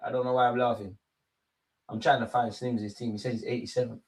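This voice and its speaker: A man's voice: mid-range voice, level tone, fast talker, a little mellow, husky. A man hosting a live football watch-along stream, chatting loosely and bantering with his viewers in slangy speech.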